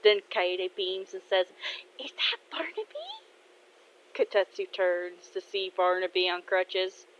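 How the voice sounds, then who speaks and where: A woman's voice: fairly low pitch, level tone, measured pace, hardly any pauses, smooth, lo-fi sound. A woman casually telling a story she made up, in a chatty, informal way. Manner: chatty, informal, laughs at herself.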